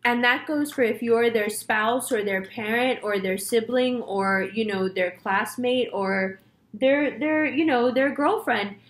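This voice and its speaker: A woman's voice: on the high side, unhurried. A young woman, a tarot reader, chatting to her viewers in a casual monologue and acting out the voices in her story.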